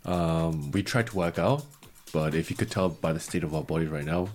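A young man co-hosting a casual podcast from home, joking about himself and pausing often with "um". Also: deep voice, soft background music. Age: young adult. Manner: self-mocking, hesitant with many ums. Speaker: podcast co-host. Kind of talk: casual chat. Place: bedroom hung with blankets.

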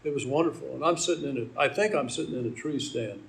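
A man's voice: mid-range voice, animated, fast, creaky, a bit bright, poor audio. An older man from Maryland preaching a sermon, telling a personal story and quoting scripture. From Maryland, USA. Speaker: pastor.

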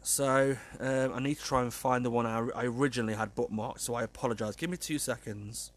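A man talks bluntly and casually as a podcast host. He swears freely while giving agony aunt advice, at a medium pitch. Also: fairly even intonation, fairly quick. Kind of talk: casual chat.

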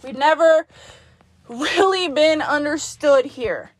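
High-voiced woman, blunt and profane, coaching herself in a dry, close recording. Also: slow pace, no room sound. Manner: talks to herself in second person. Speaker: podcast host. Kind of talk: self-directed pep talk monologue.

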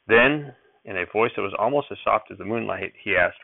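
A man reads a first-person novel aloud in a plain, steady way, with a few small slips. His voice is low and gravelly. The sound is dry and tinny, like a phone line. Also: moderate pace, no room sound. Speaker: audiobook reader.

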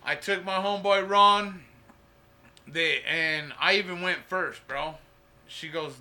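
A young man, a stand-up comedian, telling animated, profane stories in a casual podcast chat. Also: sits high, slow. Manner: profane, animated storytelling full of "dude" and "bro".

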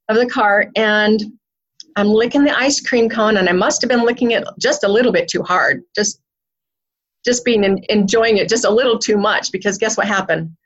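A woman's voice: mid-range voice, fairly bright tone, lo-fi sound. A middle-aged woman telling a personal childhood story in an earnest way, at times moved. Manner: earnest, gets emotional. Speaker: guest.

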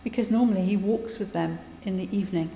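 A woman's voice: medium pitch, quick pace, mellow, a little hiss or hum. A woman giving a conversational sermon, retelling scripture with asides. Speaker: preacher. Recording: echoey hall, voice from a distance.

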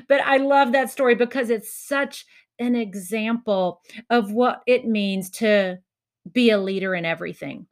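A woman giving a motivational talk to educators, telling a story with lively acted-out quotes and laughter at her own punchlines. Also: medium pitch, a little slow. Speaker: education speaker.

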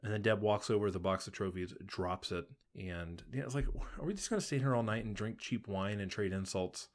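Podcast co-host, man, plain and steady, walks through plot points. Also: lowish voice, brisk. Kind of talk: casual TV recap narration.

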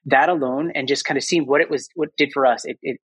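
A man's voice: medium pitch, fairly even intonation, quick pace, a bit bright, breathy edge, no room sound, rough recording. A man who is a podcast guest, talking candidly and reflectively. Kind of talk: podcast interview.

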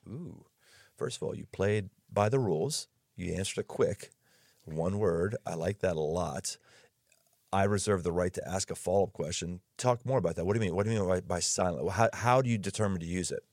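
A man hosting a podcast as a pastor, talking in an energetic, jokey way and laughing readily. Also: sits low, fairly quick, no echo, studio quality. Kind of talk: casual interview chat.

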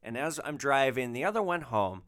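A man's voice: mid-range voice, sing-song, moderate pace, a bit bright. A man who drove rideshare, hosting a podcast and telling a comic story in a profane, exasperated way. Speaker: rideshare driver, podcast host.

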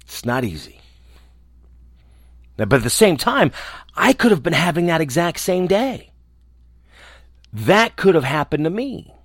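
A man who hosts a show, talking alone in a small room in a reflective, earnest way, often restarting and trailing off softly. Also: a little high, big pitch swings, no room sound. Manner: earnest, halting, with restarts and soft trailing endings. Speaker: radio host. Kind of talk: reflective casual monologue.

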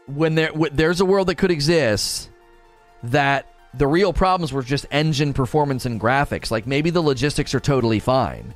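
Lively, animated man podcaster. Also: medium pitch, normal speed, soft background music. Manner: animated and excitable, acting out quotes in his own voice. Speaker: podcast host. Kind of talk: casual chat.

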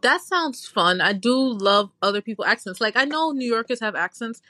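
Woman co-host, casual podcast banter, animated, mid-pitched, dry close sound. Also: moderate pace, no echo. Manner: chatty, animated storytelling with playful voice imitations. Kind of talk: casual chat.

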